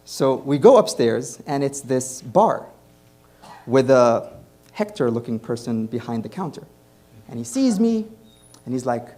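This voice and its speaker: A man's voice: mid-range voice, a little slow. A man from Egypt performing stand-up and hosting, telling a travel story and acting out the voices of the people he met. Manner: animated, acts out other voices. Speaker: comedian and host. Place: comedy club stage.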